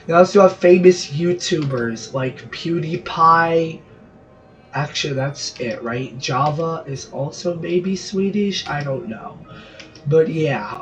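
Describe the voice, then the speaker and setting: A fairly high-voiced man from Brazil rambles through gameplay commentary, cracking jokes and cutting himself off mid-thought. His voice sounds a little distant and dull, as if from a low-fi mic, and faint music plays underneath. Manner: rambling, jokey, self-interrupting asides. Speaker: gaming channel host.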